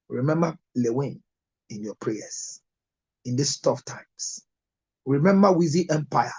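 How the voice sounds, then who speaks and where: Preacherly Ghanaian man with a husky voice. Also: medium pitch, darkish tone, low-quality recording. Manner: preacherly, repeats phone numbers slowly. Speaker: pastor and TV counselor. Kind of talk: closing blessings and product ads.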